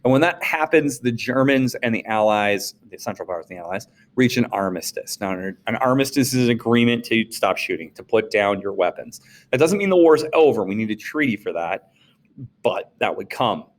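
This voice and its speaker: The speaker is a male social studies teacher giving an informal, spirited lecture. He slips into short character voices for quotations, jumping widely in pitch, and keeps a playful tone throughout.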